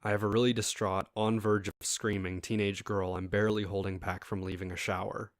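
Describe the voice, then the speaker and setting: A man with a fairly low voice reads a first-person story aloud in an easy, casual way. He breaks off now and then to talk straight to his listeners. The sound is dry and close, with no room echo. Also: flat delivery, brisk. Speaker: story reader.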